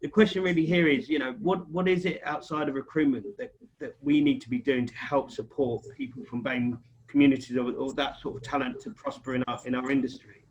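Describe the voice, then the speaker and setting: A man's voice: medium pitch, fairly even intonation, brisk, hardly any pauses, slight background noise, poor audio. A man hosting a panel discussion, talking conversationally as he thinks aloud. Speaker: panel host. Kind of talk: panel discussion on video call.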